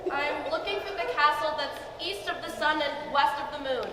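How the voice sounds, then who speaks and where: A woman's voice: high-pitched, normal speed, noisy background, natural voice. A woman playing an earnest, determined young heroine. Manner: earnest, polite. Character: determined young girl on a quest for her prince. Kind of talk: stage play acting. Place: school theater stage. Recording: distant, echoey theater hall.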